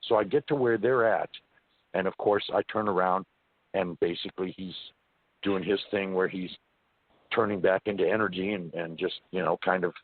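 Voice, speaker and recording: A man from California tells a first-person story in an animated, folksy manner. His voice is low and husky, and it comes over a dry, muffled phone line. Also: moderate pace, no room sound. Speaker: interview guest.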